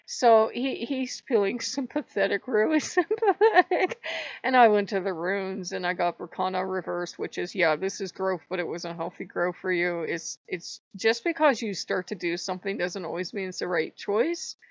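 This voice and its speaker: A woman's voice: mid-range voice, normal speed, few pauses, no room sound. A woman in a personal spiritual vlog who rambles emotionally and laughs often. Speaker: spiritual vlogger. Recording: dull lo-fi, dry.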